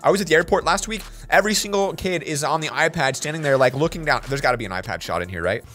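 A man hosting a reaction video, chatting casually with quick asides. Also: on the high side, animated, fairly bright tone, soft background music.

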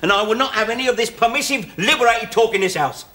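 A man's voice: very high-pitched, animated, sharp tone, full character voice. An actor in his forties playing a wry, cheeky ex-convict father in a 1970s British sitcom, teasing and sardonic. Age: 40s. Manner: sardonic, teasing, quick with jokes. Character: wry middle-aged male ex-con, cheeky joker. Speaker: ex-convict father going straight.

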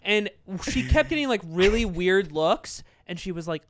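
A man's voice: high voice, expressive, normal speed, a bit bright, a little hiss or hum. A young man co-hosting a podcast, telling stories animatedly and laughing. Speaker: podcast co-host. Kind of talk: casual chat.

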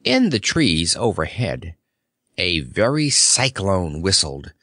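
A man's voice: sits low, takes it slowly, no echo, clean studio sound. A man reading a children's fantasy story aloud as narrator. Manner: expressive. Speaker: audiobook narrator.

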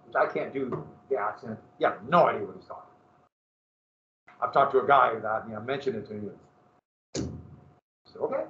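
A male history teacher lecturing to his class, bringing the story to life and throwing questions at the room. His voice sits high for a man and is picked up from a distance in a roomy classroom, with a dull, muffled sound. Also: a bit bright.

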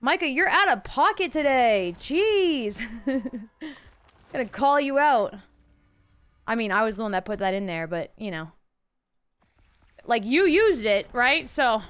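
High-voiced chatty woman streamer. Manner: chatty, talks to chat, excitable exclamations. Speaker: live streamer. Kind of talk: casual live-stream chat.

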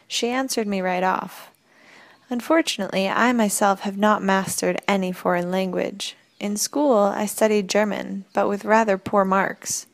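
A woman reading a first-person audiobook narration in a steady, even storytelling manner. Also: mid-range voice, unhurried, vocal fry.

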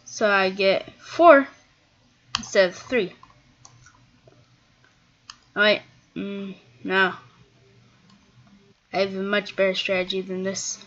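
A woman talks through her game in a loose, chatty way, thinking aloud and letting sentences trail off as she goes. Her voice sits at an ordinary pitch for a woman. It comes through a dull, lo-fi mic. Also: fairly even intonation, takes it slowly, long pauses, fairly bright tone. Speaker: gaming video creator. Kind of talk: casual gameplay commentary.

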